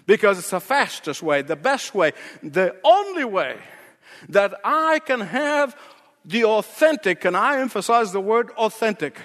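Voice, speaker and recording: Man preaching, high voice, swooping animated delivery, emphatic repetition, long hall reverb. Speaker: pastor. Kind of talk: sermon.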